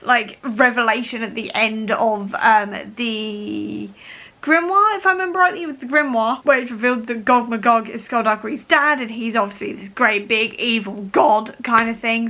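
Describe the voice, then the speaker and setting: A young woman chats to her camera at home, her voice high and bright. She rambles excitedly, full of fillers and restarts, like a fan mid-read. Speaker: book vlogger. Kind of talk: casual reading vlog. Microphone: camera mic.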